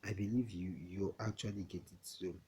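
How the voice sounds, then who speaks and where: A man from Nigeria teaching a classroom English lesson, slow and repetitive, often checking that students understand. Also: deep voice, fairly even intonation, mellow, husky.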